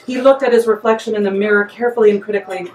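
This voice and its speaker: A woman author reading her comic story aloud in a lively, playful way. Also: medium pitch, very fast, echoey room, far from the mic, rough recording. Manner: lively, playful, breaks into laughter.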